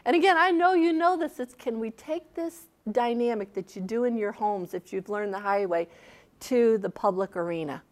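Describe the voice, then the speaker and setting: A woman's voice: on the high side, normal speed. A woman leading a seminar workshop, talking conversationally and retelling a story with quoted dialogue. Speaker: seminar speaker. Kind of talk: seminar talk with a workshop exercise. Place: seminar room.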